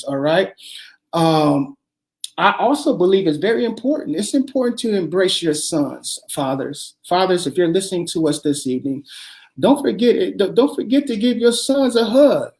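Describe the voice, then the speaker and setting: A man's voice: fairly high pitch, a little mellow. A man hosting an earnest advice talk, speaking emphatically and repeating his phrases, with plenty of fillers.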